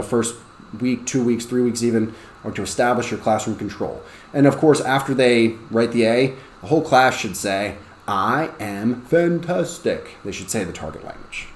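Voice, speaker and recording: A man's voice: fairly low pitch, a little mellow. A male ESL teacher talks other teachers through a lesson plan in a conversational way, often checking in with "okay?". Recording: roomy with faint background noise.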